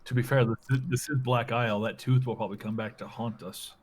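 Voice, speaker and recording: A man's voice: mid-range voice, fairly even intonation, brisk. Jokey male tabletop player. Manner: jokey, laughs a lot. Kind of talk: casual tabletop game chat.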